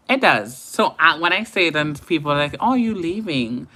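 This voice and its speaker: Chatty Antiguan woman on late livestream. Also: deep voice. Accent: Caribbean, Antiguan. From Antigua and Barbuda. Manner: chatty, laughs often, greets viewers warmly. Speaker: makeup artist livestreamer. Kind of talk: casual late-night livestream chat.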